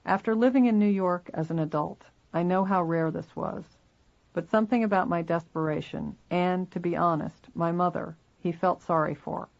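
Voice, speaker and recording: A reader narrating a first-person memoir in a steady, measured way. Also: mid-range voice, gravelly, highs cut off.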